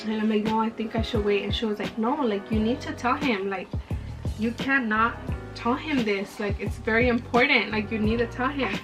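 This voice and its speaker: A woman's voice: a little high, moderate pace. A young woman casually telling a personal story, full of "like" fillers and acted-out dialogue. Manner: chatty, many "like" fillers, reenacts dialogue. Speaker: vlogger. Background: background music.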